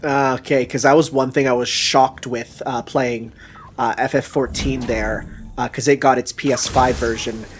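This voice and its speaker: A man's voice: mid-range voice, steady tone, moderate pace, background noise. A young man co-commenting on a video game, chatty and upbeat, laughing easily. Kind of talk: casual let's play commentary.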